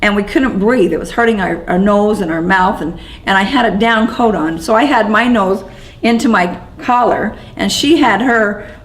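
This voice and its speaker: A woman being interviewed, telling what she witnessed in a shaken, halting way, often restarting and repeating words. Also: mid-range voice, rough recording. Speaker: interviewee recounting events as an eyewitness. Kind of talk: first-person eyewitness account.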